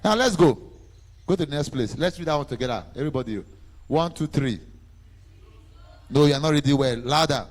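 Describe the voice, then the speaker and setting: Animated preacher, lively pitch. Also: male voice, fairly quick, pauses often. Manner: animated call-and-response with the congregation. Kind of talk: sermon.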